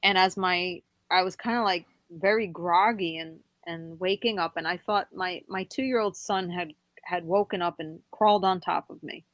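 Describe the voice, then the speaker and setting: Young woman guest telling a spooky story, stops and starts, low-ish voice. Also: no echo. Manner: halting, animated when quoting herself. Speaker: podcast guest. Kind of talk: telling a personal paranormal story.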